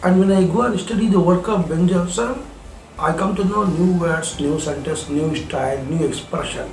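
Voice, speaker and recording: A man's voice: high-pitched, moderate pace. A man giving a spoken lesson, earnest and repeating his points for emphasis. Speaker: English teacher. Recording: echoey room with faint music.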